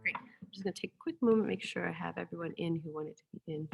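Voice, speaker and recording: A woman teaching a singing class over a video call, giving gentle, encouraging warm-up instructions from her piano. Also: lowish voice, fast talker, vocal fry, big-room sound. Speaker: choir teacher. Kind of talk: online group singing lesson. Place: room with a piano.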